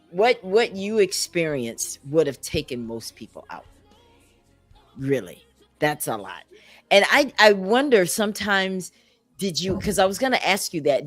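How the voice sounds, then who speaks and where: Low-voiced woman host, affirming and searching. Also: dry recording. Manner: affirming, searching questions with restarts. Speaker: show host. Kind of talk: interview.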